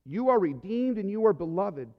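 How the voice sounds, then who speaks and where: A male pastor preaching an earnest, emotional sermon, often dropping to soft, quiet phrases. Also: sits high, very animated, normal speed, big-room sound, lo-fi sound.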